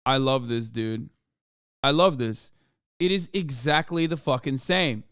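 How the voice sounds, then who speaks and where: A man's voice: mid-range voice, measured pace, fairly bright tone, smooth, dry recording, clean studio sound. A man streaming casual commentary as he reacts to news clips, sarcastic and profane.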